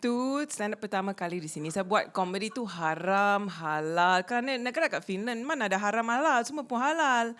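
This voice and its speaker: A woman's voice: medium pitch, animated, fast, few pauses, a bit bright, clear, resonant tone. A woman from Malaysia doing playful, teasing, mock-boastful stand-up comedy on a small theater stage.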